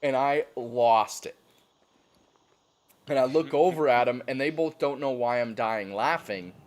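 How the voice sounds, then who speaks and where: A young man telling a story on a stream in a casual, animated, profane way, laughing often. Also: mid-range voice, unhurried.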